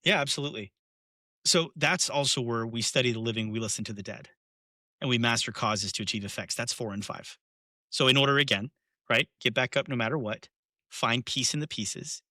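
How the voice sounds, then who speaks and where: A man's voice: mid-range voice, a little fast, sharp tone, no echo, studio quality. A man speaking as a podcast guest in a casual conversation, telling stories with frequent restarts.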